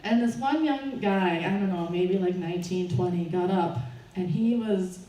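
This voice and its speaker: A nervous woman at a fundraiser tells a live audience a personal story, often breaking into laughter. She has a fairly low, dark-toned voice at normal speed, and the recording sounds roomy and distant, with faint background noise.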